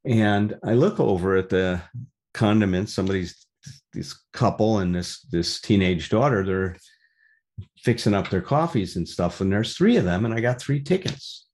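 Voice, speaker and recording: A man's voice: on the low side, animated, normal speed, a little mellow. A man telling a personal story in a candid, conversational way, turning it into a reflective lesson.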